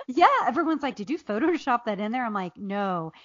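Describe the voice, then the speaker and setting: A woman's voice: a little high, animated, a little fast, a bit bright, dry recording, dull audio. A woman from Ohio, an author chatting as a guest in an interview, telling funny stories and laughing often. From Ohio, USA. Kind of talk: casual interview chat.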